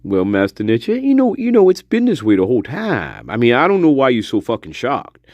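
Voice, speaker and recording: A man voicing an old male spirit who teases the host in a low, drawling, profane way. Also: wildly swooping pitch, brisk, a little mellow, dry recording, lo-fi sound. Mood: mocking.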